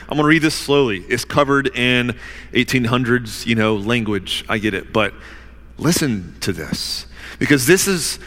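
A man preaching a sermon as pastor in a casual, conversational way with fillers, slowing down hard for emphasis. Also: medium pitch, pushed and bright. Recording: long hall reverb.

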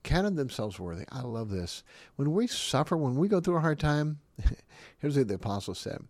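A man preaching a sermon, emphatic and animated, often laughing between his points. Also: on the high side, moderate pace, dry recording. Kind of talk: sermon teaching.

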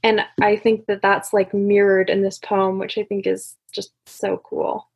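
Eager, husky-voiced woman chatting. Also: mid-range voice, monotone, measured pace, a little mellow. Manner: eager, chatty, many fillers. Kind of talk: casual chat.

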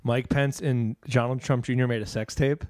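A man's voice: mid-range voice, steady tone, normal speed, darkish tone, no room sound. A man, a comedian, telling a rambling story in casual chat and laughing often.

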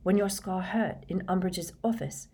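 A woman voicing a worried, loyal teenage boy in a storybook reading, hushed and pressing. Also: fairly low pitch, fairly even intonation, normal speed, breathy edge.

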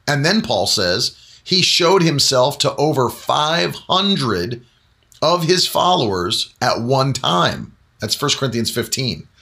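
Bright-voiced man preaching with emphasis. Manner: emphatic, slows down and rises in pitch on key points; conversational with fillers between emphatic stretches. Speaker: Pentecostal preacher. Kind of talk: broadcast Bible teaching.

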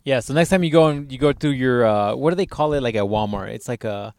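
A man's voice: medium pitch, quick pace, darkish tone, clear, resonant tone, dry recording, studio quality. A man in casual podcast chat, joking and teasing his co-host, swearing and laughing often.

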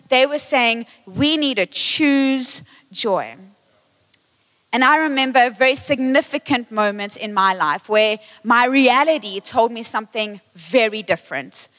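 A high-voiced woman gives a lively sermon in a big church, talking into a handheld mic. She is excitable and quick to poke fun at herself. Her words ring out with the long reverb of the hall. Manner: excitable, playful and self-mocking. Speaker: worship leader preaching. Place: church auditorium, live service.

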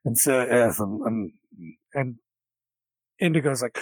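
A man's voice: medium pitch, takes it slowly, long pauses, no echo. A man narrating a tabletop game as game master in a casual, jokey, rambling way.

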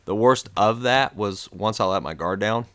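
A man's voice: lowish voice, moderate pace, fairly bright tone, no echo. An American man in a casual podcast chat, telling a travel story in a rambling way with many fillers and restarts. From United States.

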